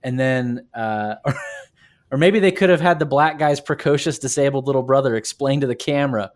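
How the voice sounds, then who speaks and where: Podcast guest: man, mid pitch, loose rambling delivery with laughs. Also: a little fast. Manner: rambling, laughs often, restarts. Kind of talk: casual film discussion.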